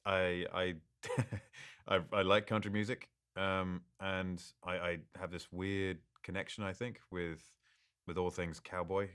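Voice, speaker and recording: A man answering fan questions in a live Q&A, reading each question aloud and replying in a relaxed, good-humored way, often stumbling and restarting. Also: low-pitched. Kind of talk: live social-media Q&A.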